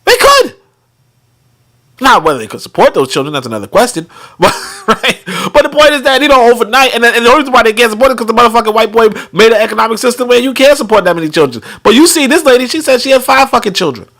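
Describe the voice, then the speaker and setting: A young male host riffs on what he is reading, excitable and laughing often, with a steady stream of profanity. His voice sits high and swings wildly up and down. The tone stays bright and forceful. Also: racing. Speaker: host reading and commenting on a book. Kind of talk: animated casual commentary.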